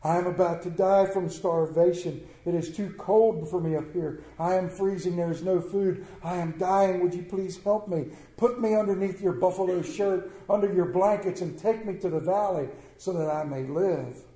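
Starving, cunning rattlesnake, low and hushed, told by a man with a dark voice in a roomy hall. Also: steady tone, moderate pace, hardly any pauses, natural voice. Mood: pleading. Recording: roomy echo.

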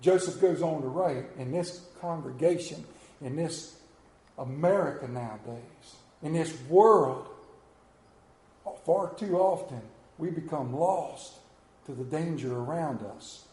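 A man's voice: on the high side, slow pace, a little mellow, echoey room, low-quality recording. A man preaching a sermon as pastor, telling stories with rising and falling emphasis.

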